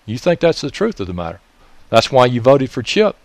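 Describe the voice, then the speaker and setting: A man's voice: medium pitch, sing-song, a little fast, no echo. A man with a Mississippi Southern accent, delivering an angry political monologue. He raises his voice, uses profanity and keeps scolding listeners with repeated questions. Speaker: political commentator.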